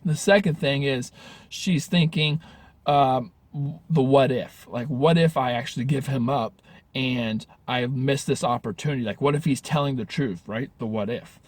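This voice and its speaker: A man's voice: mid-range voice, moderate pace, no room sound. A man giving dating advice in a casual vlog, talking earnestly with frequent restarts and self-corrections. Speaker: dating coach.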